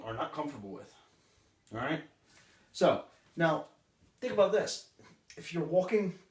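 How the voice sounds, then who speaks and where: A man training a live audience on sales, with a punchy way of talking and short acted customer exchanges. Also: on the high side. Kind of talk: live seminar talk. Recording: roomy, distant room recording.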